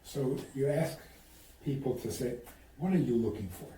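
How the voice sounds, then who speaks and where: A man's voice: mid-range voice, moderate pace, slight background noise. A man, a rabbi, giving advice in an interview and acting out quoted dialogue as he tells stories. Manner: animated storyteller, acts out quoted dialogue. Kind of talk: conversational storytelling. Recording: roomy sound, distant from the mic.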